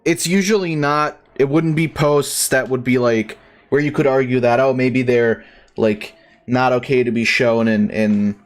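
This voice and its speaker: A man's voice: medium pitch, fairly even intonation, a little slow. A young man streaming a game, chatting casually in a rambling, profane, ranting way. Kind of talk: casual live-stream commentary.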